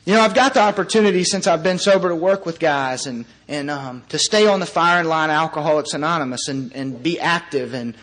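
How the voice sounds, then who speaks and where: A man in his thirties sharing his recovery story before a group, earnest and halting, with long pauses and wry, self-mocking humor. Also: fairly high pitch, a bit bright. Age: 30s. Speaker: recovery meeting speaker. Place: meeting room before a live audience.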